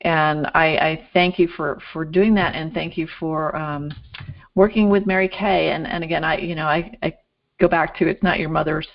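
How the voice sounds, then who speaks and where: A woman's voice: low voice, steady tone, moderate pace, creaky, muffled recording. Earnest woman hosting on a call. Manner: earnest, thanking and encouraging. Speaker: show host. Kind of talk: casual interview talk.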